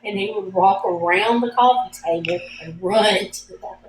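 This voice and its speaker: A woman's voice: medium pitch, normal speed. A woman co-hosting a casual livestream, chiming in with short remarks from away from the mic. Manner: brief interjections, chiming in. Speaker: livestream co-host. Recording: echoey room with background noise, off-mic.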